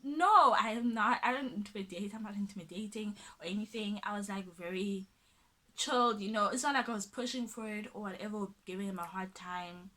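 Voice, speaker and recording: A young woman, telling a dating story in a casual storytime vlog, animated and sometimes dropping to a mutter. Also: mid-range voice, fairly quick. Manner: animated, drops to a mutter when dismissive.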